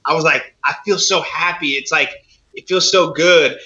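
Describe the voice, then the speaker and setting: Excitable man telling animated stories. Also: a little high, normal speed, muffled recording. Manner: animated storyteller, acts out voices, laughs often. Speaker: guest actor and comedian. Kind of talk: casual podcast chat.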